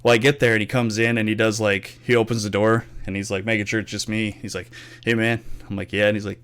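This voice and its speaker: A man's voice: fairly low pitch, fast, clear, resonant tone. A young man hosting a casual podcast, telling gaming stories with loose swearing and acted-out quotes. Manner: animated storyteller, swears freely, acts out quotes. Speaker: podcast host. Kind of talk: casual storytelling chat.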